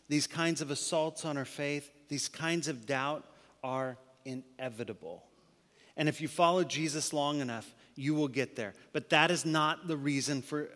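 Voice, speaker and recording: Male pastor, fairly high voice, sermon delivery that swings from forceful to hushed, church hall with long reverb. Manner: swings between loud emphatic preaching and hushed near-whisper.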